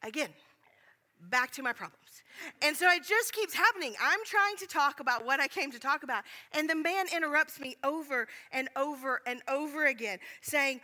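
High, bright-voiced woman pastor preaching. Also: moderate pace. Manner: candid, self-deprecating, speaks straight to listeners. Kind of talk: conversational sermon storytelling.

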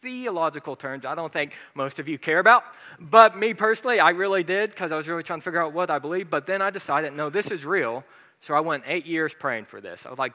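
A man preaching in a relaxed, chatty way, filling gaps with ums and uhs as he tells his own story. His voice is bright and ringing. It carries through a hall with a long echo. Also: on the high side, a little fast. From American South. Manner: casual, conversational preaching with many fillers. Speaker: pastor. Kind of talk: sermon with personal story.

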